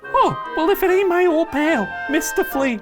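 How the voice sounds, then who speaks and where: A man's voice: animated, moderate pace, over music. A man voicing a scrappy, street-wise male rat in a puppet comedy sketch, in a theatrical attempt at a Brooklyn accent that keeps drifting. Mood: chummy. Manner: squeaky, theatrical, drifting between voices.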